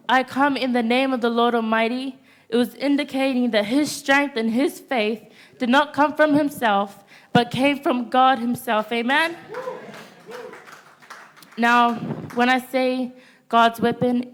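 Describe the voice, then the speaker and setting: A teenage girl with a high voice preaches to a youth congregation in a church. She delivers her sermon in short, declared points and pauses after nearly every one to ask "Amen?" as call-and-response. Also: steady tone. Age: teens.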